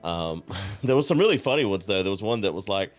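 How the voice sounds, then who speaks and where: In a fairly quick, casual stream chat, a man with a low voice tells a long story dryly and profanely. He voices the people in it himself, while gentle music plays faintly behind him.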